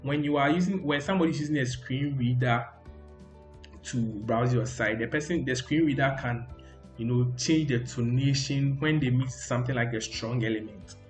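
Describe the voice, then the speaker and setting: A man's voice: medium pitch, moderate pace, soft background music. A man teaching a coding tutorial over a screen recording, talking loosely and repeating "okay, so" between steps. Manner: loose, repetitive, frequent "okay, so". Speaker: coding instructor. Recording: roomy echo.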